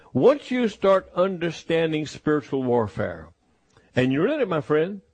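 A man preaching a sermon in a slow, emphatic, repetitive way. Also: fairly high pitch, a little mellow, no room sound.

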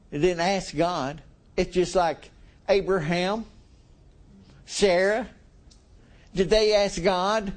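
A man's voice: fairly high pitch, a little mellow. A middle-aged man preaching a sermon in a folksy way, chuckling with his congregation.

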